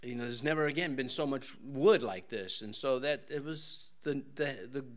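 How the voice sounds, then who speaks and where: An older man preaching a casual, joking sermon in a church, with folksy asides and voices acted out in a high pitch. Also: moderate pace. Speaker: pastor.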